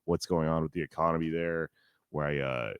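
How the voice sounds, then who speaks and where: A man in his forties co-hosting a podcast, chatting casually in a rambling, animated and profane way. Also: very deep voice, normal speed, clean tone, no echo. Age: 40s. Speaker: podcast co-host.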